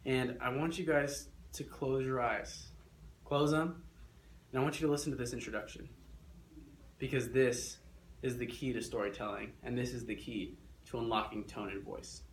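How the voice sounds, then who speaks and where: An energetic young man teaching a class, coaxing students along and repeating instructions. His mid-range voice sounds a little echoey in the classroom, with faint noise behind. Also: mid-range voice, moderate pace. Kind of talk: classroom lesson.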